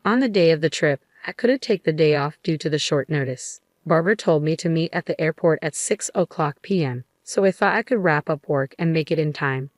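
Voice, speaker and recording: A woman with a low voice recounts her own dramatic story at a steady, measured pace. Her sound is close to the mic and dry, without any room sound.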